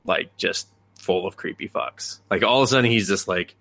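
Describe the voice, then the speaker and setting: A man's voice: low-pitched, normal speed, creaky, sharp tone. Rambling, swearing podcast guy. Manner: rambling, filler-heavy and profane. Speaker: podcast host. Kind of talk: casual chat.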